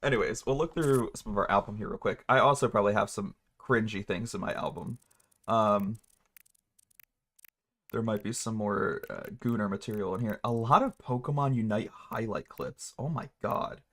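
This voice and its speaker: A man's voice: on the low side, normal speed, fairly bright tone. A man hosting a casual livestream, rambling and laughing at himself as he talks. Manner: rambling, laughs often, self-mocking. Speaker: streamer.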